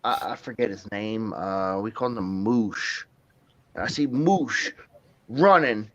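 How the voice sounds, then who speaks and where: A man's voice: on the low side, takes it slowly, a bit bright, no room sound. A man hosting a livestream, telling rambling, profane stories in casual chat and laughing often. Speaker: livestream host.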